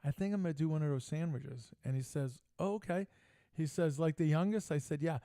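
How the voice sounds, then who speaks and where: A man's voice: on the high side, fast talker, dark tone, no echo. An older man hosting a casual sports talk show, telling brash, joking stories with lots of animation. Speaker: podcast host. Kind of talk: casual storytelling chat.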